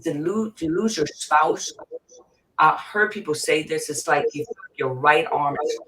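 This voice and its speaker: A woman's voice: low voice, a little slow. A middle-aged woman, a mental health therapist, speaking as an interview guest in an emphatic, repetitive and impassioned way. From Virginia, USA. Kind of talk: emotional interview talk. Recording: distant mic with faint noise.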